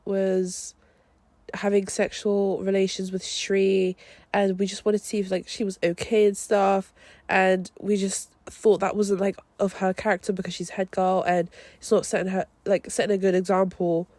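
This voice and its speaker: A woman's voice: medium pitch, flat delivery, moderate pace, a little mellow, dry recording, lightly acted. A young woman mimicking teenage schoolboys making hesitant excuses. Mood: sheepish.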